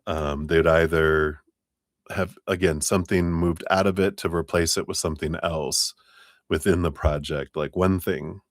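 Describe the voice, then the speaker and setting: A man's voice: deep voice, fairly even intonation, measured pace, no room sound, clean studio sound. A man giving live tarot readings in a chatty, rambling way, often laughing between thoughts. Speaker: tarot reader.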